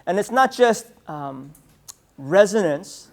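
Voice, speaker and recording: A man's voice: high-pitched, animated, slow. A man in his thirties from San Francisco, giving a humorous conference keynote with storytelling and playful asides to the audience. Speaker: keynote speaker. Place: conference hall.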